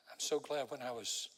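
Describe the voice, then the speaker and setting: An older man preaching a sermon as a guest preacher, telling stories dramatically and swinging from loud exclamations to hushed pleas. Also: mid-range voice. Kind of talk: sermon with storytelling. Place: large church sanctuary. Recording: long hall reverb.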